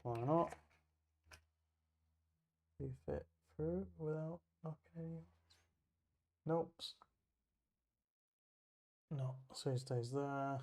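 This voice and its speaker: A man's voice: a little high, steady tone, very slow, pauses often, dark tone. A man playing a tabletop wargame, thinking aloud as he moves models, measures ranges and rolls dice in casual play commentary.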